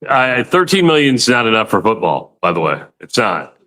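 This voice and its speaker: A man's voice: lowish voice, big pitch swings, moderate pace, pushed and bright. A man hosting a sports radio show, talking casually and with strong opinions, often repeating a word as he starts a thought. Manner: opinionated, loose, repeats words when starting.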